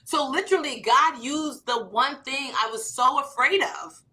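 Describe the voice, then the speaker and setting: A woman in her thirties who works as an author and comedian tells lively stories in conversation at a moderate pace. When she quotes people, she acts the lines out with big leaps in pitch.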